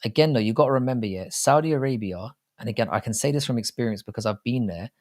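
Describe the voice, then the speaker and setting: A man's voice: mid-range voice, fast talker, darkish tone. A British man co-hosting a live stream chat, rambling in a casual, profane way. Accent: British English. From Britain.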